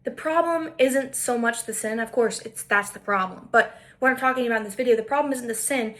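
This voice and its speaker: A woman with a high voice tells a story as a commentary monologue. She is emphatic and indignant. She repeats her points for weight. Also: fairly quick, fairly bright tone. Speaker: podcaster.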